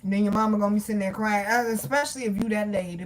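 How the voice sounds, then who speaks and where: A woman's voice: medium pitch, very fast, few pauses. A woman, chatting casually and animatedly as a tarot reader talking straight to her viewers. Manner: animated, loud laughs, swearing, addresses viewers as y'all and baby. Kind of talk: casual livestream chat.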